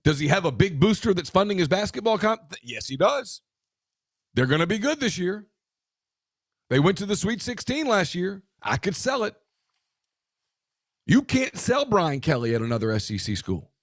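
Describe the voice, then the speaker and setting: A man co-hosting a casual sports talk show, talking in an emphatic way with quick asides and restarts. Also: sits high, big pitch swings, dry recording, studio quality. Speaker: podcast co-host.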